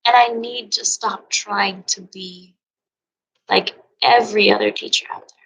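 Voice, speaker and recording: A woman yoga teacher giving an earnest, emotional motivational talk, sometimes dropping into soft near-whispers. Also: mid-range voice, steady tone, unhurried, creaky, husky, rough recording. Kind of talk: personal motivational monologue.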